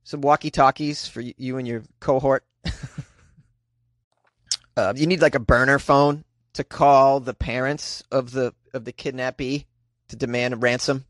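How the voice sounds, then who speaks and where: Speaking a little slowly, with no echo, the host offers sarcastic, animated takes on the news. Quips come out in a high, squeaky voice, and he laughs often.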